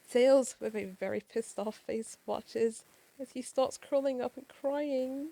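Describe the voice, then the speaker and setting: Woman reading a comic with commentary, swears a bit, gravelly low-key mellow voice. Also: fairly even intonation, a little slow, rough recording. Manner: chatty, swears, asides to viewers. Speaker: comic reader. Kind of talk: casual comic read-along with commentary.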